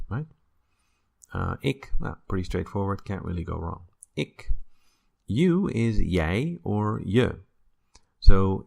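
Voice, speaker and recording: A man with a very low, gravelly voice gives a relaxed video lesson. He explains step by step, pausing on fillers and fixing his words as he goes, with an easy joking tone. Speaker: Dutch language teacher.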